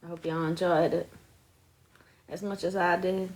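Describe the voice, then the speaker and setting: A woman's voice: on the low side, level tone, moderate pace, darkish tone. A woman hosting a casual live stream from home into her phone, chatty, laughing often and filling her talk with ums. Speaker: livestream host.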